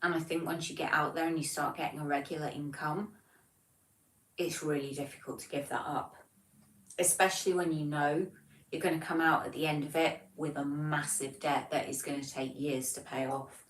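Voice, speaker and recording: Woman, 40s, Devon accent, deep voice, roomy sound, a bit off-mic, relaxed chat. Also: moderate pace, far from the mic. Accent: Devon English. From England. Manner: chatty and self-deprecating. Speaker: livestream host. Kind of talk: casual chat reading viewer comments.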